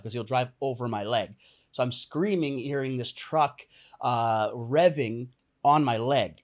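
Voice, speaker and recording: Animated man telling a wild story. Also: medium pitch, unhurried. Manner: animated, laughs often, acts out quoted lines. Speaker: podcast guest, entrepreneur and coach. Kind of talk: casual storytelling interview.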